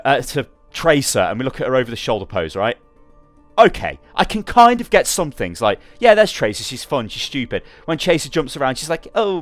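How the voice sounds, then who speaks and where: A young man with a sarcastic, exasperated manner, ranting through gaming commentary and swearing freely. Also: medium pitch.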